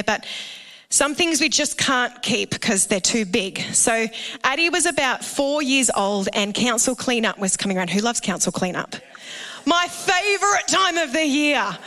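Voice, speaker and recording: An Australian woman pastor delivering a sermon, telling a family story with animated, jokey asides to the congregation. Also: a little high. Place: church auditorium. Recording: reverberant hall.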